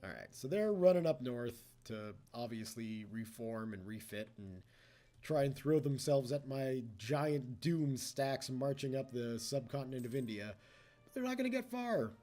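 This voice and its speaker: A man's voice: mid-range voice, very animated, unhurried, warm tone. A man giving casual gameplay commentary as a let's play host, chatty and teasing the computer opponents.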